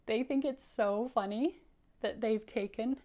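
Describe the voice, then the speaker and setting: A woman teacher reading a picture book aloud to young children, animated and encouraging, inviting them to repeat lines. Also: fairly high pitch, unhurried. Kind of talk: children's story read-aloud lesson.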